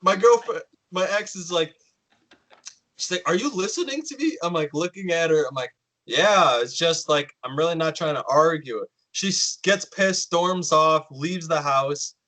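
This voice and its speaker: Podcast host, male, casual storyteller who acts out the quotes; bright voice. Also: fairly high pitch, normal speed, poor audio. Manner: animated storyteller, acts out quotes, swears often.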